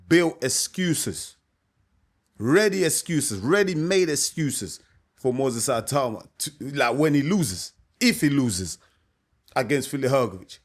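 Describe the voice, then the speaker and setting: A man, a boxing coach giving his opinion to camera in a casual, emphatic way, often asking "you know what I mean". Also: fairly high pitch. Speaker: boxing coach and channel host.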